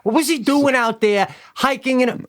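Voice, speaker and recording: A man's voice: extremely high pitch, moderate pace, fairly bright tone. A man co-hosting a podcast in casual chat, riffing through profane comic rants. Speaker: podcast co-host.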